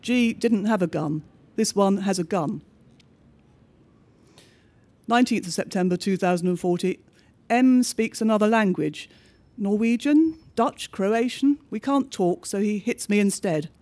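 High-voiced man reading a bleak diary. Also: darkish tone. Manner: measured, understated diary reading. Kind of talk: scripted narration of a diary story.

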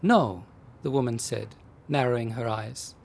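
A man reading a comic short story aloud with dry, expressive delivery. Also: mid-range voice, moderate pace, slight background noise.

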